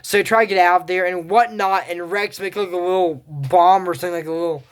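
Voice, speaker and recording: A casual recapper walks through a cartoon episode in a loose, meandering way, stumbling over names and circling back on what was just said. The voice sits at an ordinary middle pitch and often sinks into soft, low asides. Nothing sounds scripted; the speaker thinks aloud as they go. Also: fairly even intonation, clean tone. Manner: rambling, halting retelling with restarts. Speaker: show recap vlogger.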